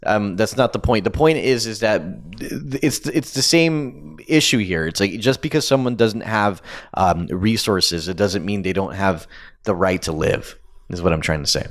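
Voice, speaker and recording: A man's voice: fairly low pitch, normal speed. A man co-hosting a casual podcast, arguing his opinions in a rambling way, full of ums and you-knows. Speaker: podcast co-host. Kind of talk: casual debate chat.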